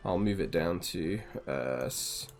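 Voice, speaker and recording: A man's voice: low voice, takes it slowly, a little mellow, soft background music. Rambling game master, a man. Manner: casual, rambling with many ums. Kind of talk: narrating a tabletop game.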